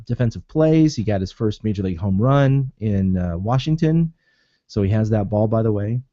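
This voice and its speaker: Man, podcast co-host, jokey and animated, dry dull lo-fi audio. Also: on the low side, no echo. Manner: jokey, animated storytelling, laughs often. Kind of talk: casual sports chat.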